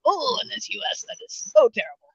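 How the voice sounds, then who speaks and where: Lively woman in her fifties, dull dry recording. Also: sits high, fast talker, husky, dry recording. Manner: animated, acts out quoted voices. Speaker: life coach guest. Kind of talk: conversational interview storytelling. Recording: dull, dry podcast audio.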